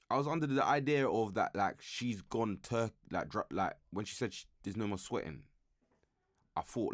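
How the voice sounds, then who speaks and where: A man's voice: sits low, no echo. A man hosting a live reaction stream, commenting casually in a loose, slangy way and thinking aloud with frequent restarts.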